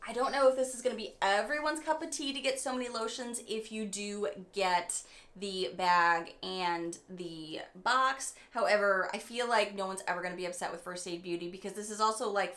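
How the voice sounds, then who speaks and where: A woman with a bright, forward-placed voice talks her way through a makeup unboxing in easy, chatty vlog style. She gets excited easily and drifts into rambling side stories before pulling herself back on track. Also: mid-range voice, moderate pace. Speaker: beauty vlogger. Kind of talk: casual unboxing chat.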